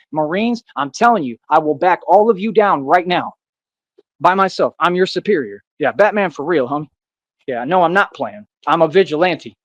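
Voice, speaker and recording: A self-styled vigilante from the United States rants to camera, defiant, boastful, and confrontational, circling back to the same points over and over. His voice sits a little high for a man, and the sound is dry and close with no room around it.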